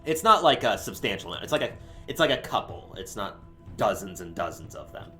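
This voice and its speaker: A man narrating as game master of a tabletop role-playing game, in a relaxed, rambling way with many fillers. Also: fairly low pitch, a little fast, faint music behind.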